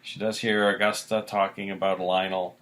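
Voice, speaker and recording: Low-voiced man casually recapping episodes. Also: normal speed. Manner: relaxed, thoughtful recapping with many fillers. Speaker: podcast co-host recapping a soap opera. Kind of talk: casual chat.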